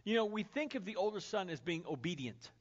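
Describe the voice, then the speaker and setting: A man's voice: sits high, sing-song, fast talker. A male pastor preaching a sermon in a casual, conversational way, speaking to the congregation. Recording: dull lo-fi sermon recording.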